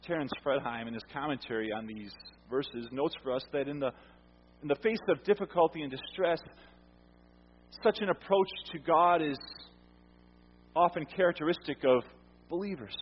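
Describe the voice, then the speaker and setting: Guy preaching, kinda husky, slightly high voice, lots of "right?" questions, echoey church, muffled. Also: normal speed, long pauses. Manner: conversational preaching with rhetorical questions and repeated words. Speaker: pastor. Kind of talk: sermon. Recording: reverberant hall, muffled sound.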